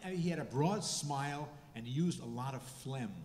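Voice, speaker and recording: A man in his seventies, a rabbi and comedian, doing a stand-up set with dry, deadpan delivery and halting restarts. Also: mid-range voice. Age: 70s. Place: hall before a live audience. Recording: echoey hall, faint noise.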